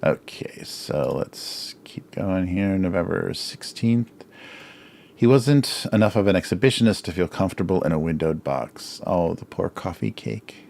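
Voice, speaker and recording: A man's voice: deep voice, expressive, a little slow, creaky, a little mellow. A middle-aged man hosting a casual drawing livestream, musing over his old cartoons with frequent chuckles and self-deprecating remarks, his voice a little strained.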